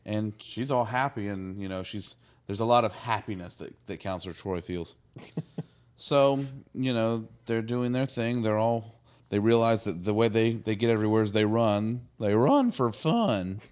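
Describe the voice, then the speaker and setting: A man's voice: on the low side, expressive, normal speed. A man in a casual podcast chat who retells a TV episode in a loose, rambling way, chuckling and filling gaps with "like" and "you know.". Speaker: podcast co-host.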